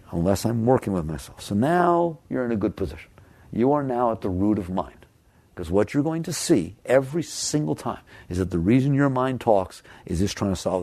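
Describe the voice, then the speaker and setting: Older man, gravelly, mellow tone, lively spiritual talk, emphatic. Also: medium pitch, dry recording. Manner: animated, emphatic, acts out inner voices. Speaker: spiritual teacher.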